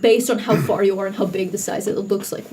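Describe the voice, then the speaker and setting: A woman's voice: mid-range voice, fast talker, husky, rough recording. Woman gm narrating a tabletop game, lots of ums and likes, laid back. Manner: relaxed, hesitant descriptions with many fillers. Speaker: game master.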